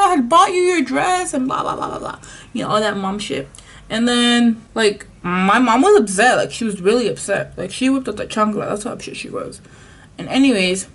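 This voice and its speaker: A young adult woman vlogger telling a casual story in a chatty way, full of "like" and the odd Spanish phrase. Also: mid-range voice. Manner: chatty, filler-heavy with frequent "like", Spanish phrases.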